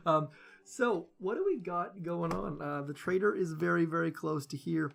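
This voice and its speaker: A man's voice: on the high side, measured pace, vocal fry, over music. A man giving casual live-stream commentary on a game, chatty and rambling, greeting viewers by name and thinking aloud with lots of fillers.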